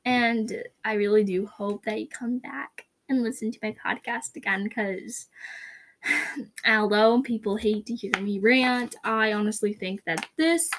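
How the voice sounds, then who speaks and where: A young woman hosting her first podcast, rambling and self-conscious, with a faint hiss in the background. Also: a little high. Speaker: podcast host. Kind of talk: casual podcast outro.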